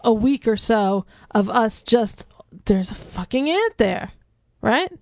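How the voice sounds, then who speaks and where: A woman's voice: a little high, very animated, slow, darkish tone. A woman co-hosting a movie review podcast in casual, teasing chat. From United States. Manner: playful, teasing, laughs often. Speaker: podcast co-host.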